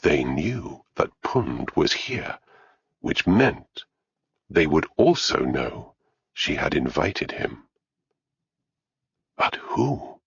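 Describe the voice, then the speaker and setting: A man narrating an audiobook in a measured, unhurried way. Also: very deep voice, big pitch swings, vocal fry, fairly bright tone, husky, no echo, highs cut off.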